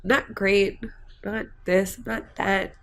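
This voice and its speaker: A woman's voice: medium pitch, level tone, takes it slowly, creaky. A woman vlogging about her family and hopes, rambling and heartfelt with many fillers. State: tearful at times. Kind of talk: emotional personal vlog.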